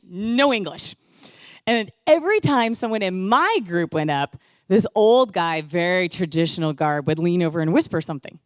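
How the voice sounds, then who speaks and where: A young woman speaking to a church group, telling a personal ministry story and acting out the dialogue with lively energy. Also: mid-range voice, dry recording. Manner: lively, acts out quoted dialogue. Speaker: guest speaker. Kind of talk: storytelling testimony talk.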